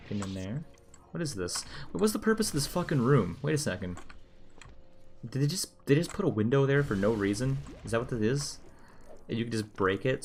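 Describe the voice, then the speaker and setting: Low-voiced, swearing gamer guy. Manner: muttering, profane, sarcastic. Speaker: game streamer. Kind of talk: casual gameplay commentary.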